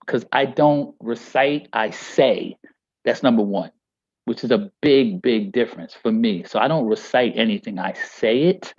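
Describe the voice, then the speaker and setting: A man's voice: mid-range voice, darkish tone, no echo, highs cut off. A man teaching a poetry workshop on a video call. He speaks emphatically and rhythmically, stretching key phrases and often checking in with "all right?".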